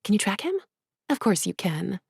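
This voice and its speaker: A woman voicing a playful young female courtesan spy in a storybook reading, with a high coaxing lilt. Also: very animated, moderate pace, creaky, slightly rough, dry recording, studio quality, exaggerated voice. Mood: teasing.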